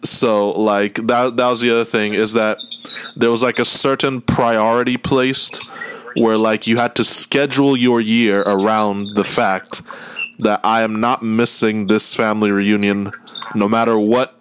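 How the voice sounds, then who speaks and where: A young man with a lowish voice talks in a loose, rambling way, laughing easily as he asks questions. A faint hiss and some clicks sit behind him. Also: unhurried. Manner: relaxed, rambling, laughs often. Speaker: host. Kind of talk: casual chat.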